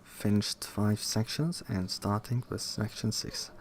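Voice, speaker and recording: Slow, low-key man reading a textbook. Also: slight background noise. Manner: slow, halting reading, repeats words to test stress. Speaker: reader studying a linguistics textbook aloud. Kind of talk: casual read-aloud study session.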